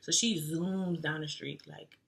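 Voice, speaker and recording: A woman's voice: deep voice, steady tone, a little slow, vocal fry, a bit bright. A young woman telling a story in a casual, slangy, chatty way to her vlog audience. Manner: slangy and chatty, with lots of fillers like "like". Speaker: vlogger.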